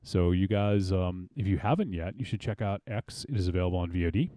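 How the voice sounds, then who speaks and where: A man hosting a casual horror film discussion podcast, relaxed and rambling with many fillers. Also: deep voice, brisk, no echo, clean studio sound. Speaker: podcast host.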